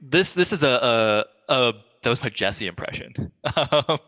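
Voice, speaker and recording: A man with a bright, forceful voice co-hosting a casual discussion. He talks excitably and jokes around. The room behind him rings with a long reverb. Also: medium pitch, unhurried. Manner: excitable, jokey, swears casually. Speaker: podcast co-host.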